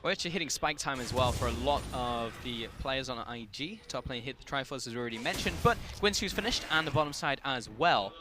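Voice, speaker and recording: Male esports caster, quick delivery, excitable play-by-play, music bed underneath. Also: mid-range voice. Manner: fast, rising to excited shouts on big plays. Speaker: esports commentator. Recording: commentary over game music.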